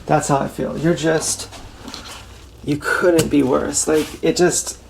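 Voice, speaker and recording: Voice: mid-range voice, flat delivery, vocal fry. A vlogger rambling through a casual, unsure, sighing monologue while washing dishes at home. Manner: unsure, sighing, halting delivery. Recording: loud kitchen noise from dishes and tap. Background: running tap and clattering dishes.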